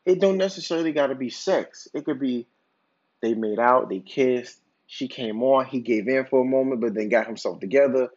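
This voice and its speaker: A man's voice: medium pitch, moderate pace, a little mellow. A man hosting a podcast, telling a long hypothetical story in a casual, rambling way with lots of filler words and restarts. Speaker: podcast host. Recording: dull lo-fi recording.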